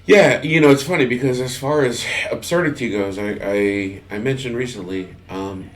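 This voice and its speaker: A man from Texas co-hosting a podcast, talking casually and haltingly, with frequent restarts and laughs as he tells stories. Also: medium pitch. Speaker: podcast co-host. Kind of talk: casual chat.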